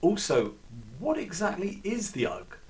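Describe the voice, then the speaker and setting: A man's voice: high voice, huge pitch swings, a little slow, darkish tone, voice pushed up, heavily acted. A man voicing a confused, timid middle-aged man, heard from a distant mic. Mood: bewildered.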